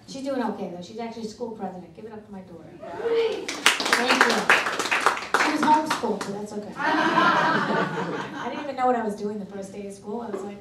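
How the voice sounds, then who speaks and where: A woman's voice: a little high, normal speed, long pauses. Brash woman comic in echoey club. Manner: deadpan, brash one-liners. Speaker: stand-up comedian. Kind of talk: stand-up routine. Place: comedy club. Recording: echoey club from far off with noise.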